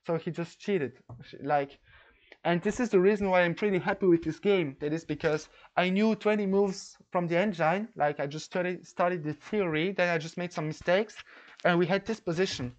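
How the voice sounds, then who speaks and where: Excitable French chess vlogger. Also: male voice, sits high, brisk, highs cut off. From France. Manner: excitable storytelling, many restarts. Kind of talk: casual recap monologue.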